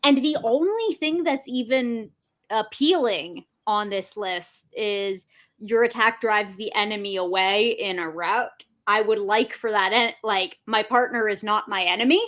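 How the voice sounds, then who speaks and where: A woman's voice: mid-range voice, unhurried, fairly bright tone. A woman player in a tabletop game, thinking aloud with fillers in casual table talk.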